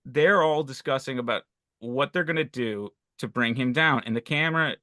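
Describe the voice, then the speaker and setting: A man's voice: mid-range voice, moderate pace, bright, forceful tone, dry recording, clean studio sound. A man co-hosting a podcast, discussing a horror film in a thoughtful, analytical way with frequent fillers and restarts. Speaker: podcast co-host.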